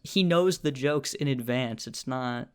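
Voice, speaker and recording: A man's voice: medium pitch, a little slow, smooth. A young man co-hosting a podcast in casual chat, telling rambling stories and laughing often. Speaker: podcast co-host.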